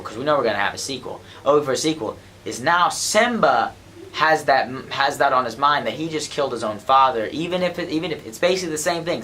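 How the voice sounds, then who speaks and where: A man excitedly pitching a film plot, restarting often and acting out the gasps. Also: a little hiss or hum. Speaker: student. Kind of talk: animated storytelling.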